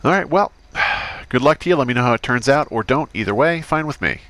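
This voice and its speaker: A man's voice: mid-range voice, expressive, a little fast, fairly bright tone. A man streaming a crime roleplay game as a doctor character, chatting in character with a dry, sarcastic manner.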